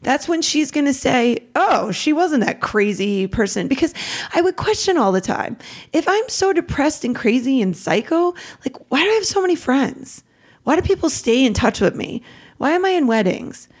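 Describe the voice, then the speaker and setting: A woman in her forties, a podcast guest, talking candidly and haltingly about painful memories, with nervous laughs to lighten things. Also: sits high, very animated. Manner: halting, emotional, self-deprecating, laughs through hard moments. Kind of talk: candid personal interview.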